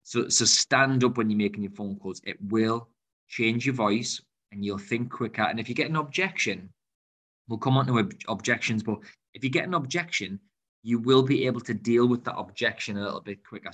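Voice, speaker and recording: A man with a lowish voice, talking through sales tips in an energetic, casual way. He repeats himself a lot and acts out little phone calls as he goes. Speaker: host giving sales tips. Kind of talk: casual advice talk.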